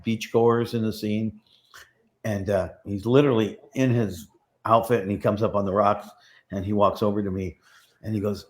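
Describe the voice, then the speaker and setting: A man's voice: on the low side, steady tone, normal speed. A middle-aged man, a prop master, rambling through casual stories in an interview and acting out the voices of people he quotes.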